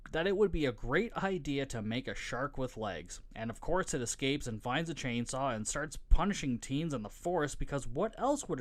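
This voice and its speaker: A man hosting a podcast, recapping a film casually with lots of swearing, jokes and laughter. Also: medium pitch. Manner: profane, joking, laughs often. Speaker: podcast host.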